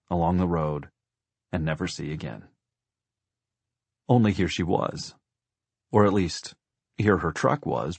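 A man narrating an audiobook in a steady, measured storytelling manner. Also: deep voice, husky, dry recording.

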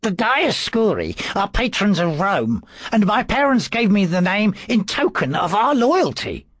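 A man voicing a pompous, solemn male priest in an audiobook, speaking high and drawn out. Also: sing-song, measured pace, fairly bright tone, no echo, full character voice. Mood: earnest. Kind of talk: audiobook character voice.

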